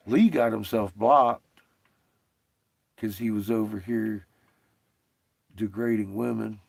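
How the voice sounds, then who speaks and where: A man's voice: fairly low pitch, expressive, slow, creaky, pauses often, no room sound. A man hosting a livestream, rambling and profane in casual chat, often breaking into laughter. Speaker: livestream host.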